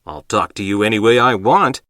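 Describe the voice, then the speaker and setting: Man, lesson reader, careful delivery, lively intonation, dry close sound. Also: on the low side, brisk, no room sound. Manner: even, careful read of example sentences. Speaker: lesson narrator reading example sentences. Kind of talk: scripted English lesson reading.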